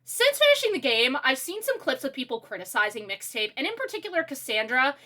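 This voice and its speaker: A woman gives a ranting video game review with lively, swooping exasperation. Her voice is high and bright, and her sarcasm is sharp. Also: a little fast.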